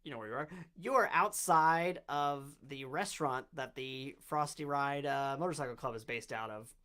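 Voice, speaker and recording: A game master narrating a tabletop game in a casual, halting way, often stopping mid-sentence on fillers before moving on. The voice sits at a middle pitch and a steady, everyday level. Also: clean tone.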